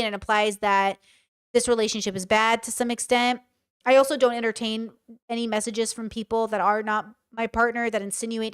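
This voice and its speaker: Clear-voiced woman with a dry sound. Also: fairly high pitch, no echo. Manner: casual, swears while reading. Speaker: commentary streamer. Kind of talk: reaction commentary, reading messages aloud.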